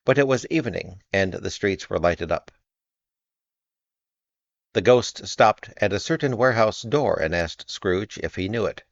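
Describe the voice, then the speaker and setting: A man reads a classic tale aloud in a very low voice, paced and expressive. The recording is dull with no room echo at all. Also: gravelly. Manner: measured, expressive storytelling. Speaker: narrator. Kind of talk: audiobook reading.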